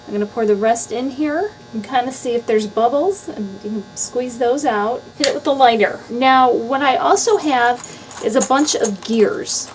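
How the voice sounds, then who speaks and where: A woman with a fairly high voice walks through a craft project step by step, relaxed and chatty. She sounds like a friendly tutorial host. Faint background hiss sits under her voice. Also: moderate pace. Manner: casual step-by-step explaining.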